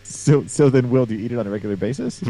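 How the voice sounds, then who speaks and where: A man's voice: medium pitch, quick pace, warm tone. A man co-hosting a podcast in casual chat, rambling with crude jokes and lots of fillers over a remote call mic. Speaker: podcast co-host.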